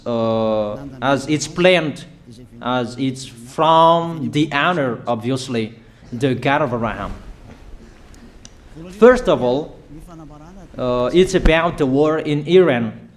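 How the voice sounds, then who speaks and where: A man's voice: mid-range voice, animated, slow. A man delivering a prophetic sermon, making emphatic, repetitive proclamations in non-native English phrasing. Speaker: preacher.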